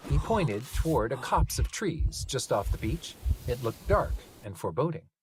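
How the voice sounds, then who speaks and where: A reader calmly narrating a novel as an audiobook, with expressive storytelling. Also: medium pitch, normal speed, hardly any pauses, noisy background.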